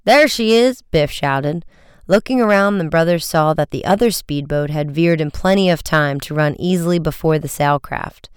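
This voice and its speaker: An audiobook narrator reads an adventure chapter in a lively, scripted manner. The voice is exceptionally clear and resonant, recorded close with a completely dry sound. The middle pitch stays easy and even. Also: moderate pace, no echo.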